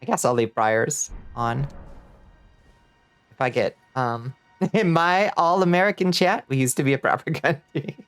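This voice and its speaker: A woman's voice: a bass voice, animated, unhurried, clear, resonant tone, faint music behind. A woman streaming a video game, chatting casually with her viewers, laughing often and thanking them as she plays.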